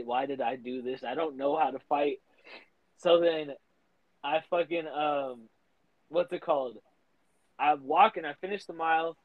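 Young guy on a podcast rambling through a story, swears a ton, voice kinda high, dead dry mic. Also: no echo, phone-quality sound. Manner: storytelling, swears a lot, laughs often. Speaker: podcast co-host. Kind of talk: casual chat.

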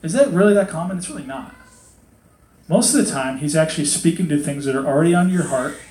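A man preaching in a loose, conversational way, cracking jokes and slipping into the voices of the people he quotes. His voice sits a little higher than most men's. He is heard in a roomy, echoing hall. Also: expressive, fast, a little mellow. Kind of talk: casual sermon. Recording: echoey hall.

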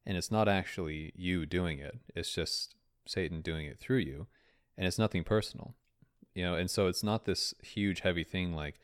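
Deep-voiced man hosting a podcast. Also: normal speed, clean tone, no echo, studio quality. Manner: laughs often, teasing. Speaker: podcast host. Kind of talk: casual podcast chat.

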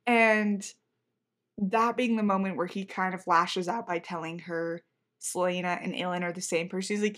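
A woman's voice: medium pitch, expressive, moderate pace, a bit bright. A woman co-hosting a book podcast, talking casually with many fillers and trailing-off sentences. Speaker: podcast co-host.

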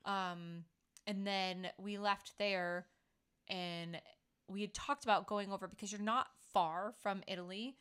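A middle-aged woman hosts a relaxed chat. She tells stories in a playful, chatty way and acts out the lines of the people she quotes. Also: mid-range voice, measured pace, smooth. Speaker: podcast host. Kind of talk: casual chat.

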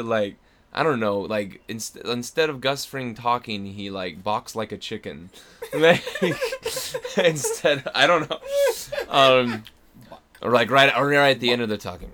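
Bright-voiced young man, rambling and laughing. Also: mid-range voice, very animated, a little slow, a little hiss or hum. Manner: rambling, laughing, self-interrupting storyteller. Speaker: actor and guest. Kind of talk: casual podcast chat.

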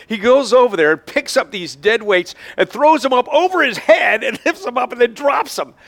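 A man preaching a sermon as pastor, speaking in a relaxed, conversational way with frequent fillers and restarts. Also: very high voice, moderate pace, vocal fry, hardly any pauses.

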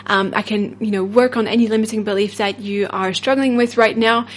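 A woman's voice: mid-range voice, fairly even intonation, a little fast, a little hiss or hum. A woman with a French accent hosting a solo podcast as a self-love coach, rambling and upbeat with frequent fillers and laughs.

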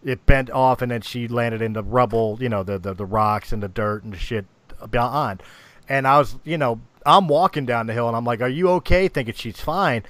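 A man's voice: mid-range voice, normal speed, fairly bright tone, no echo. A middle-aged man chats loosely in a rambling, profane storytelling way. He restarts sentences and piles on filler as he goes. The sound is close and dry, with no room around it. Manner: rambling storyteller, swears freely, many restarts. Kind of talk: casual chat.

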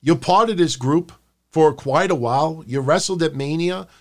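A man co-hosting a wrestling talk podcast, his voice sitting slightly high for a man. He swears freely and acts out bits of his rants, raising his voice as he goes. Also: normal speed. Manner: profane, animated, acts out rants in a raised voice. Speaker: podcast co-host.

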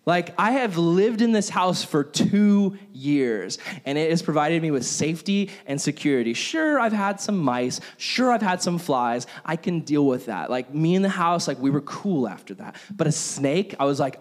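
A young man preaching a casual, conversational sermon and telling stories, animated and acting out his own reactions. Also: on the high side, normal speed. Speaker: pastor. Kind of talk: sermon with personal storytelling.

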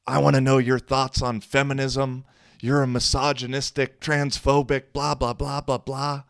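A man voicing a belligerent, drunk young woman at a bar who yells and cuts people off. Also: medium pitch, flat delivery, moderate pace, vocal fry, smooth, no echo, studio quality, pitched above the performer's own voice, lightly acted. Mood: hostile. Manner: yelling, hostile, cutting people off.

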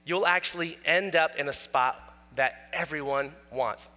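A man preaching a sermon, telling everyday stories in an animated way and acting out the voices of ordinary people. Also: on the high side, a little slow. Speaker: pastor. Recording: roomy hall with long reverb.

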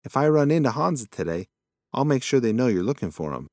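A man's voice: medium pitch, very animated, fast, darkish tone, dry recording, studio quality, pitched above the performer's own voice. A man voicing a forgetful old male possum who rambles in a folksy, muddled way. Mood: rambling.

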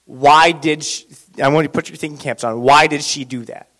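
A man preaching a sermon in an animated, conversational way, asking the congregation questions. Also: on the high side, a little fast.

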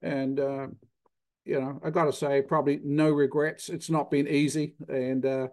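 Older kiwi man, slightly higher voice, plain self-deprecating explainer, interview guest. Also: level tone, normal speed, darkish tone. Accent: New Zealand. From New Zealand. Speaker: guest, cheese consultant. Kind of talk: technical interview talk.

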